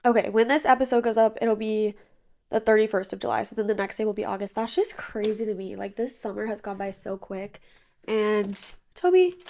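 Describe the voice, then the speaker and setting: A woman's voice: medium pitch, a little mellow. A young woman in her twenties hosting her own podcast, chatting casually and bubbly about her weekend, sounding tired and a little nasal. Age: 20s. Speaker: podcast host. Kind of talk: casual chat. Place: bedroom with blinds drawn.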